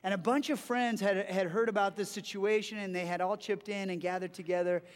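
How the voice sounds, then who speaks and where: A man's voice: high-pitched, steady tone, fairly quick, in a large hall. A man who is a pastor, preaching a sermon in a conversational way, often restarting his phrases.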